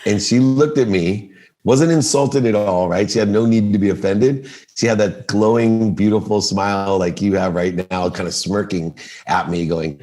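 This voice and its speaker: A middle-aged man with a low, deep voice tells a story on a podcast. He is animated and acts out each person's lines as he goes. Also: normal speed. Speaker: podcast guest. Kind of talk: storytelling in a casual interview.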